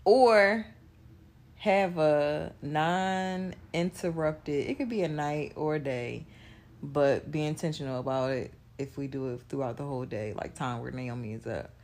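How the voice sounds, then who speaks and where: A woman in her thirties chatting casually with her partner, slow and thoughtful, pausing to find her words. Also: low-pitched, fairly even intonation, darkish tone. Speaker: co-host in a couples question chat. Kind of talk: casual chat.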